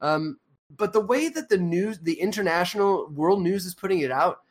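A man hosting a loose podcast chat, his voice sitting a little higher than most men's. He rambles through fillers and restarts with a sarcastic, profane edge. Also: lively intonation, moderate pace. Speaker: podcast co-host.

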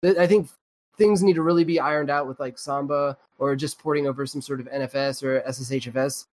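A man's voice: mid-range voice, steady tone, quick pace, darkish tone, no room sound. A man hosting a live podcast in casual chat, rambling with lots of fillers and restarts and swearing freely. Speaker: podcast host.

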